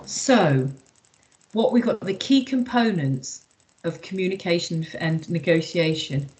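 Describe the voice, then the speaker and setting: A woman's voice: on the low side, lively intonation, a little slow, a little mellow, poor audio. A woman leading an online workshop, chatty and emphatic, with lots of "you know" fillers. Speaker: workshop trainer.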